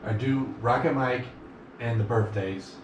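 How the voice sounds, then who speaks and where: A man's voice: mid-range voice, a little slow, echoey room, recorded from a distance, background noise. A man hosting a local radio talk show, bantering dryly and steering what comes next. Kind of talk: casual banter. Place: radio studio.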